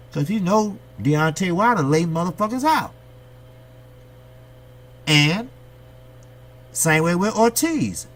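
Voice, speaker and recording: A boxing channel host delivers an opinionated monologue on the sport in a high, fairly bright voice. He rants bluntly and profanely, speaking directly to viewers and throwing out rhetorical questions.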